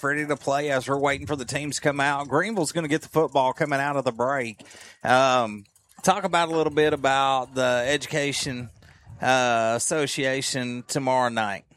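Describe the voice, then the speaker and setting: A man doing live radio play-by-play of a high school football game. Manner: steady, brisk play-by-play calling. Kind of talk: live radio sports broadcast. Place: radio broadcast booth at a stadium.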